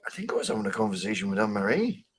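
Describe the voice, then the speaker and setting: A man's voice: on the low side, big pitch swings, racing, crowd noise. A man in a casual voice chat, chatty and telling a story about his shopping. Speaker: chat participant.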